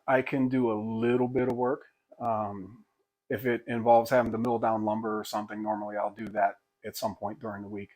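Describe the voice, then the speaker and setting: An older man, a pastor and hobby woodworker, talking casually to camera in a rambling, folksy, self-deprecating way with many restarts. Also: medium pitch.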